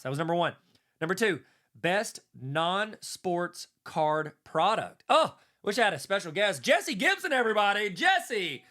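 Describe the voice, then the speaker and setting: A man hosting a casual solo commentary, rambling and self-deprecating in an animated way. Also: on the high side. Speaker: host.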